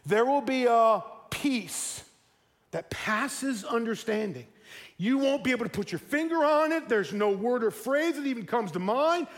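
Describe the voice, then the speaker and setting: A man's voice: very high-pitched, animated, normal speed. A man in his forties preaching a sermon to his congregation, who acts out the voices he quotes. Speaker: pastor. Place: church sanctuary. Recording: reverberant church hall.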